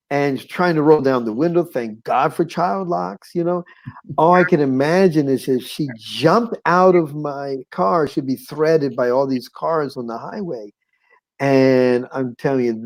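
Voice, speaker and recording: Male guest, middle-pitched, animated storyteller who acts out sounds and chuckles. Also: rough recording. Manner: chuckles now and then. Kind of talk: personal storytelling.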